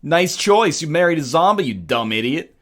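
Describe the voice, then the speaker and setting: A man hosting a let's play video, riffing with quick jokes and sarcastic asides as he plays. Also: on the high side, sing-song, a bit bright. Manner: rapid joking riffs, sarcastic asides. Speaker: gaming video host.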